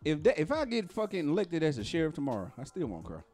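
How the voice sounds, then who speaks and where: Teasing man with a very lively voice. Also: on the high side, fast, soft background music. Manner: mocking, teasing interjections. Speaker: podcast co-host. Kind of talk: casual group chat.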